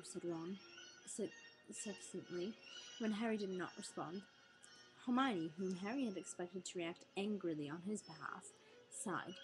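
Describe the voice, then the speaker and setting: A woman's voice: medium pitch, normal speed, a little hiss or hum, low-quality recording. A woman, tired and rambling, chatting casually before reading a book aloud. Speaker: reader.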